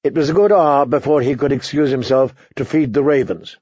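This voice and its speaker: A man narrating an audiobook in a steady storytelling manner. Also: mid-range voice, a little fast, no echo. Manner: steady storytelling, voices characters. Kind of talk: scripted narration. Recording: dry, slightly dull recording.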